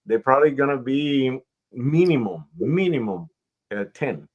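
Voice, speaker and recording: A man hosts a radio talk show and hands out career advice in a slow, drawn-out way. His voice sits at a middle pitch. The sound is dull and lo-fi, with the highs cut off. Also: sing-song. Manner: slow, advising, explains at length. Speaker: radio show host and talent manager. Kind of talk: casual interview chat.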